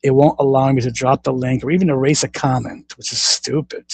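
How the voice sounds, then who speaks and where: A man's voice: mid-range voice, steady tone, brisk, creaky, husky, no echo. A man hosting a livestream, ranting in a combative, repetitive way and swearing often. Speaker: livestream host. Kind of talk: solo livestream rant.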